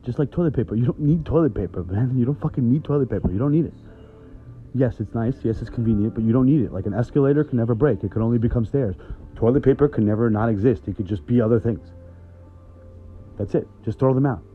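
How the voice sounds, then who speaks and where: Fast-talking, swearing man ranting. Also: medium pitch, phone-quality sound, faint music behind. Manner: rambling, heavy swearing, animated. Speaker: podcast host. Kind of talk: casual profane rant. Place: at home.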